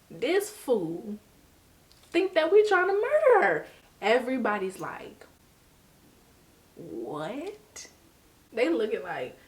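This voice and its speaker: Animated woman telling a casual storytime. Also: medium pitch. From Detroit. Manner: animated, slangy, laughs while telling. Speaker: storyteller vlogger.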